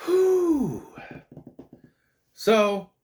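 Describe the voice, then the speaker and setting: A man's voice: extremely high pitch, very animated, extremely slow, a little mellow. A man giving a casual spoken movie review, ranting in an exasperated way, swearing and rambling with restarts and stammers.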